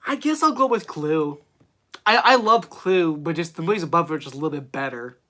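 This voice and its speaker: A pushed, bright, highish male voice, animated and a little fast, hosts a casual movie live stream. This streamer host rambles with many fillers and reads chat questions out loud.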